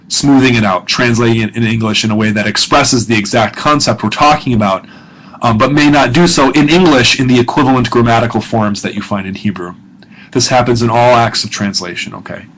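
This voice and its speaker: A middle-aged man teaching a recorded grammar lesson. He sounds out each word slowly and repeats it, stopping to correct himself with patience. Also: medium pitch, fairly bright tone, poor audio. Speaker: professor.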